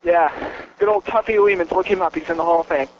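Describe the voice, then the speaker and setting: High-pitched guy talking wrestling, excitable and braggy, kinda muffled lo-fi sound with a faint hum. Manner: excitable, bragging, quick laughs. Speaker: podcast co-host. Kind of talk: casual wrestling chat.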